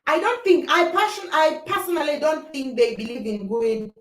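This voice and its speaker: High-voiced woman ranting from a distance. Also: moderate pace. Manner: emphatic, repetitive rhetorical phrasing. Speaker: livestream host reading viewer comments. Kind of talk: impassioned opinion talk. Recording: roomy, distant mic.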